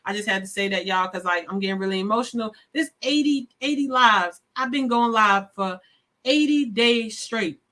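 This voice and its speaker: A woman's voice: a little high, moderate pace, bright, forceful tone. A woman hosting a live stream, signing off in a casual, effusive chat that often calls her viewers y'all. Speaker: live show host.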